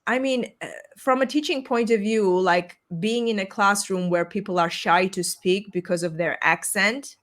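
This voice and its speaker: A woman's voice: medium pitch, moderate pace, a bit bright. A woman whose first language is Armenian, hosting a podcast over a video call, talking in an earnest, reflective way and searching for her words. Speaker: podcast host. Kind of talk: casual video-call conversation. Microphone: remote call microphone.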